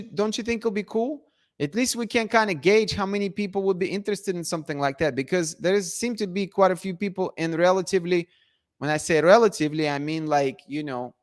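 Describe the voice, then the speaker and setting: A man hosting a casual live stream, reading viewer comments in a playful, emphatic way that repeats itself. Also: high-pitched. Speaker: livestream host.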